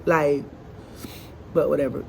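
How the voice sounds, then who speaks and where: A woman's voice: low voice, level tone, a little slow, creaky, slight background noise. A woman, a first grade teacher, venting in a casual vlog in her classroom. She talks in an exasperated, chatty way with many asides and sounds congested and short of breath.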